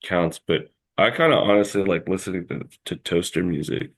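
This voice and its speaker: A man's voice: low-pitched, normal speed, slightly rough. A man telling a long story as an interview guest in a casual chat, rambling and packed with filler words.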